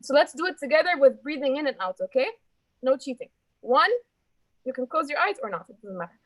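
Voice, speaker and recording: Her high voice is sing-song and a little fast as she chats encouragingly to her speaking club, reporting filler-word counts, calling people dear, and leading a breathing exercise. The recording is dry and low quality.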